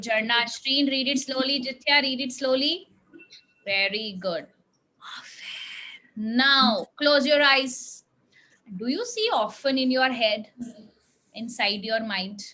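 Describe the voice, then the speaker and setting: Slow, high-voiced teacher woman. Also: pushed and bright, slight background noise, poor audio. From India. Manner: patient, drawn-out, coaxing teacher talk. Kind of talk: classroom phonics lesson with children.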